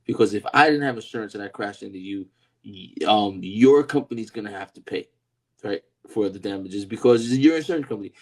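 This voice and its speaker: Co-hosting a casual podcast chat, this man is laid-back and rambling, laughs often, and keeps tossing in "you know what I mean." His voice runs low and darkish, and he talks briskly.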